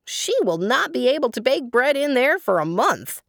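A woman's voice: sits high, very animated, normal speed, creaky, a bit bright, no room sound, voice pushed up, full character voice. A sensible farm wife neighbor, speaking up with a raised voice, as a woman storyteller voices her. The storybook reading is close and dry.

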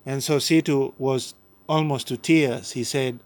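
A man's voice: mid-range voice, fairly even intonation, unhurried. A man from Uganda, a pastor giving his personal testimony in an interview, speaking earnestly and often repeating or restarting his words.

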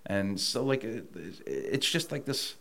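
A man spins a casual story as a guest, his low voice swinging widely up and down. He talks in a profane, heated and animated way. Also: a little slow, gravelly. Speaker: podcast guest, wrestler.

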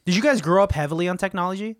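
A man's voice: high-pitched, very fast, dry recording, clean studio sound. A man co-hosting a podcast, teasing his friends and laughing easily in casual banter. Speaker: podcast co-host.

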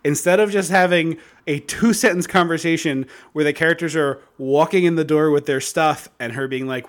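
Higher-voiced man riffing sarcastically. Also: moderate pace, few pauses. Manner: animated, sarcastic riffing with frequent laughs. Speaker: podcast co-host. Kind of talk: casual movie-review chat.

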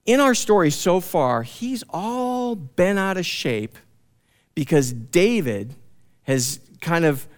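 A man's voice: a little high, very animated, takes it slowly. A man pastor preaching a conversational sermon, reading scripture aloud and explaining it with emphatic asides. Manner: conversational, emphatic, frequent "you know" and "man".

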